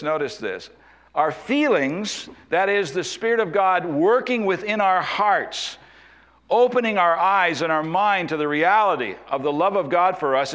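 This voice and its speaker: A man preaching an expository sermon, slowing down and dropping his voice low to stress key points. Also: a bit bright. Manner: expository preaching, slows and drops low for emphasis. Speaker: pastor.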